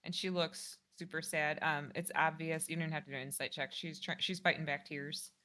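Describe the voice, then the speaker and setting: A woman's voice: low voice, fairly even intonation, a little fast, sharp tone. A woman player casually describing her character's actions in a tabletop game.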